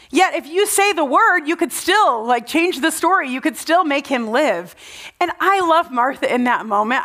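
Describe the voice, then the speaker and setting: Earnest young woman preaching a sermon. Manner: earnest storytelling, voice dropping low and soft at tender moments.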